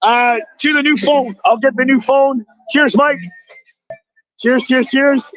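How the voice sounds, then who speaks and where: Excitable high-voiced man with a strained voice. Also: takes it slowly, low-quality recording. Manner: excitable, exclaims often, shouts thanks. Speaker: livestreamer thanking donors. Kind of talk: excited live-stream chatter reading donations. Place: outdoors at a street rally.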